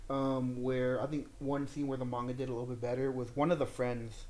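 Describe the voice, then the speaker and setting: A young man co-hosting a casual podcast, talking at an ordinary pitch. He retells film scenes with excitement and plenty of swearing, dropping into the characters' voices as he goes. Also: fairly quick. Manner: excited, profane, acts out characters' lines. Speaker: podcast co-host. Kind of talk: casual movie review chat.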